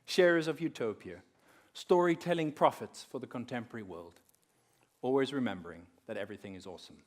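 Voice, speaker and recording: A man at a conference lectern, pitched mid-range, in a steady storytelling manner. He slows down and sinks his voice low and soft to let a point land. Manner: measured storyteller who drops quiet and slows for effect. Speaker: conference speaker. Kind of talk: talk on faith woven with storytelling.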